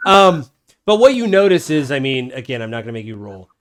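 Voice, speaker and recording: A man's voice: medium pitch, very animated, brisk, crowd noise. A man narrating a tabletop game as game master, rambling with many fillers.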